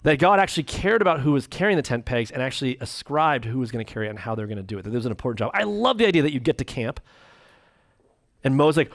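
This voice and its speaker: A man, a pastor, teaching a church class, reading quotes and joking between them in quick put-on voices. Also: a little high, no echo, studio quality. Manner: animated, jokey, acts out quick voices.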